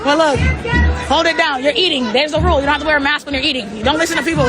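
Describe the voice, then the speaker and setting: A woman's voice: sits high, racing. A young woman livestreaming from a city street protest, chatting in a giggly, profane way. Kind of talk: casual livestream commentary. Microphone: phone. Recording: phone stream with loud crowd and music.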